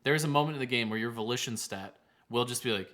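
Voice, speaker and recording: A man's voice: mid-range voice, quick pace, bright, forceful tone. A man co-hosting a casual podcast chat, talking eagerly and leaning on filler words. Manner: enthusiastic, many "like" fillers. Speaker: podcast co-host.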